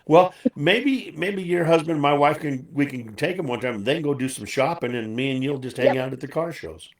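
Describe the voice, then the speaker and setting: A man's voice: on the high side, brisk, echoey room, recorded from a distance. A man hosting a casual chat interview, folksy and chatty, laughing easily. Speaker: show host.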